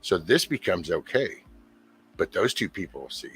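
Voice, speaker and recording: A man hosting his own channel, talking in a casual, profane, exasperated ramble and mimicking other people in quick asides. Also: deep voice, sing-song, fairly bright tone, breathy edge. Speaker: YouTube channel host.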